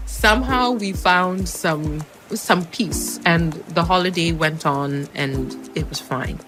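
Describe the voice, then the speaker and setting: A woman telling a personal story on a podcast in an animated, conversational, self-mocking way. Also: on the low side, slow, few pauses, music in the background.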